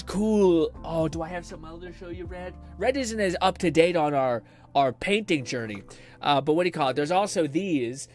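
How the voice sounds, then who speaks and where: A young man hosting a gaming livestream, rambling casually, swearing and laughing often as he chats. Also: on the high side. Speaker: livestream host. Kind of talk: casual gaming stream chat.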